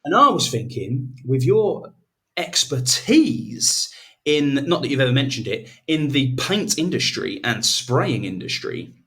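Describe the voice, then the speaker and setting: Male co-host, loose sweary chat, rambles, average pitch. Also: very animated, fairly bright tone. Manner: sweary, rambling, slips into quick mock voices. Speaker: podcast co-host. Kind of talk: casual banter.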